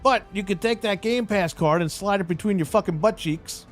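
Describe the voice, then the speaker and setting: A man's high-sitting voice comes through at normal speed as he furiously rants on a live stream, faint music playing underneath. Blunt and swearing constantly, he imitates the people he argues with in a mocking tone.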